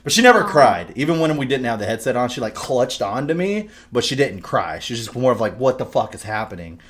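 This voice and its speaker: A young man telling stories in casual podcast chat, swearing often and laughing loudly. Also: mid-range voice, brisk. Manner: profane, animated storytelling. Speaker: podcast co-host.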